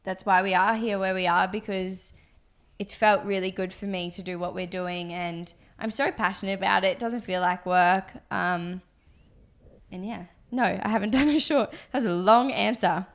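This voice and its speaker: A woman's voice: medium pitch, steady tone, normal speed. Chatty young woman co-host, loose and rambling, talks business with her partner. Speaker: podcast co-host, business co-founder. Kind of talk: casual chat.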